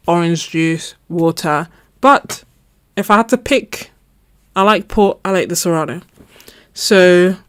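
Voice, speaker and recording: A young adult woman chatting casually with her viewers, telling an animated story and laughing often. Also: lowish voice, no room sound, clean studio sound. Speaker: art channel host. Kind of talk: casual live chat story.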